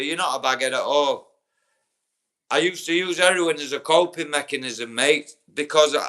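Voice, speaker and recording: Clear and resonant with a sharp edge, this young man's fairly high voice carries a Yorkshire accent. As a livestream host, he talks bluntly and swears in casual chat, addressing viewers by name.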